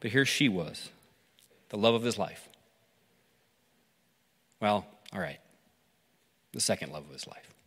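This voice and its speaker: A man preaching through a story, pausing to ask listeners reflective questions. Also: fairly low pitch, lively intonation, a bit bright. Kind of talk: sermon told as a story. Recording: long hall reverb.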